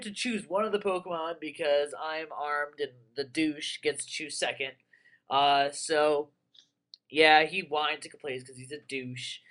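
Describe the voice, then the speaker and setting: A young man giving casual, rambling commentary on a game he plays, excitable and full of crude jokes. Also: fairly high pitch, unhurried. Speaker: let's player.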